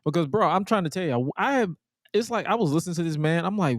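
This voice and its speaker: A man's voice: sits high, lively intonation, fast talker, no echo, clean studio sound. A young man co-hosting a wrestling podcast in loose casual chat, slangy and given to repeating himself. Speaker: podcast co-host.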